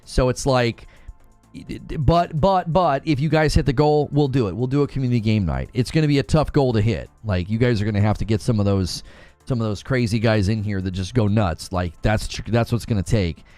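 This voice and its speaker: A man's voice: mid-range voice, a little fast, no echo, faint music behind. Casual male gaming streamer. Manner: casual, talks to chat, thanks donors excitedly. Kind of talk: live stream chat.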